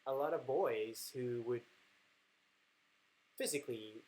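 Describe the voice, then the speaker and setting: A man speaking candidly and haltingly in a personal reflective monologue, with many fillers and restarts. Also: medium pitch, dark tone, rough recording. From France. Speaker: host.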